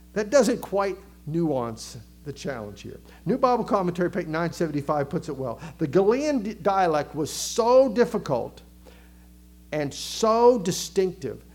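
Man, Southern American accent, preacher, sermon, high voice, animated, loud-to-hushed swings. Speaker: pastor.

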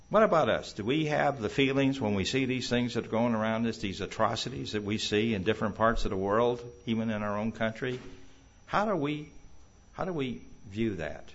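A man's voice: lowish voice, fairly bright tone, dull audio. A man preaching a sermon to a congregation, reading scripture and building up emphatically on the quoted passages. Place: church hall.

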